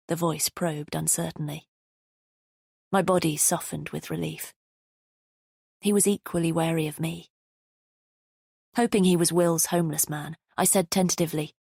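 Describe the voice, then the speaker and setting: A woman narrating a thriller audiobook in the first person, measured and tense. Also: deep voice, fairly even intonation, creaky, darkish tone, no room sound, clean studio sound.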